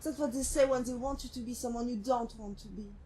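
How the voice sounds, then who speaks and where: Brief: actress as a haunted female synth ex-killer, mellow and slightly high, slow and brooding, soft music behind. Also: a little hiss or hum, natural voice. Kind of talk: game companion monologue. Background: faint music.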